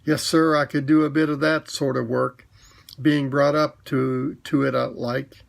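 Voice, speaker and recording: A man's voice: medium pitch, flat delivery, measured pace, creaky. A man voicing a humble male London cab driver with a Cockney accent in a storybook reading, speaking in a hesitant, plain working-class way.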